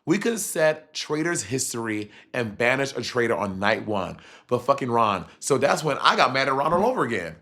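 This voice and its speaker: A man chatting casually on a livestream as he reacts to a reality show, animated and profane, with sudden jumps in pitch. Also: moderate pace, few pauses. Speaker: streamer reviewing a reality show.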